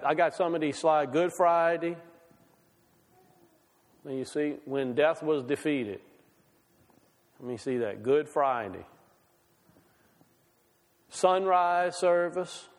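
A man's voice: fairly high pitch, long reverb tail. A male pastor giving a conversational sermon, asking the congregation many questions.

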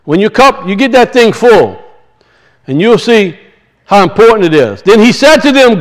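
A male preacher with a notably high-pitched voice. He moves between relaxed, homespun anecdotes and slow, emphatic scripture reading. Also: poor audio. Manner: folksy storytelling, rising to emphatic scripture reading. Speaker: pastor. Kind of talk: sermon.

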